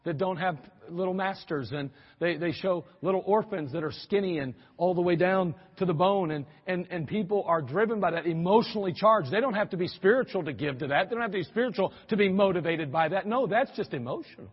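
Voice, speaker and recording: A man preaching a sermon in a church, animated and lively, acting out quoted reactions with sudden exclamations. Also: high voice, fairly quick, few pauses, slightly rough, long reverb tail, muffled recording.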